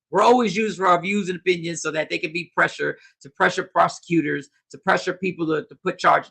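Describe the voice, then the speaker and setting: A man hosting a casual livestream, commenting on the news and reading viewers' comments aloud, animated and repetitive. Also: high voice, gravelly, husky. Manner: animated, talks back to chat, repeats himself. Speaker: host.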